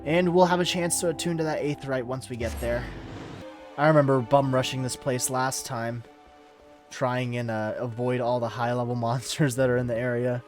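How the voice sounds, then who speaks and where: A man casually commenting on his own game playthrough, quiet and muttering, swearing when frustrated. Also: mid-range voice, steady tone, moderate pace. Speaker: gamer narrating his playthrough. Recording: clear background music.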